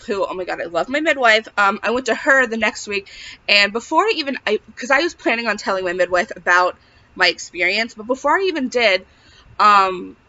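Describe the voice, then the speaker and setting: A young woman telling a personal story to camera in a casual, chatty way, filling her talk with "like". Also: medium pitch. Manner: chatty, peppered with "like", animated retelling. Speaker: vlogger sharing a pregnancy update. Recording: dull lo-fi audio.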